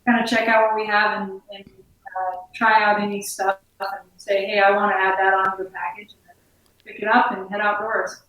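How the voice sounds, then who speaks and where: Sitting for an interview in her outdoor gear shop, a Colorado woman who once competed in biathlon chats easily, using plenty of fillers. Her voice is mid-range and moderately paced, and the recording sounds echoey, with her voice distant from the microphone.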